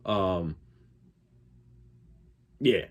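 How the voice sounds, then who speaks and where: A man's voice: low-pitched, expressive, extremely slow. A man with a Connecticut accent doing reaction commentary, blunt and profane, talking back at the clip he is watching. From Connecticut, USA. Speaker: reaction YouTuber.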